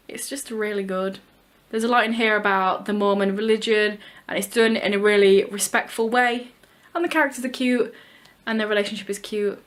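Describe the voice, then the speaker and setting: A woman's voice: mid-range voice, a bit bright. A young woman vlogging casually about books, chatty and emphatic, with the odd swear word. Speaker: book vlogger. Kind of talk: casual book review chat.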